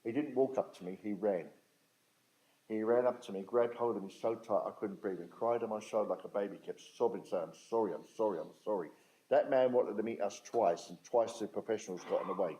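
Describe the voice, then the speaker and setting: Older man, low-pitched and mellow, blunt storyteller addressing a room. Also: fairly quick, rough recording. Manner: blunt, plain-spoken, emphatic, dialect grammar. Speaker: speaker at a talk on restorative justice. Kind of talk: storytelling talk to an audience.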